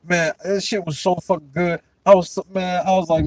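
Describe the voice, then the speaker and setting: A young man and podcast host telling stories in a casual chat, profane and animated, often breaking into laughter. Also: high-pitched, normal speed, dry recording, poor audio.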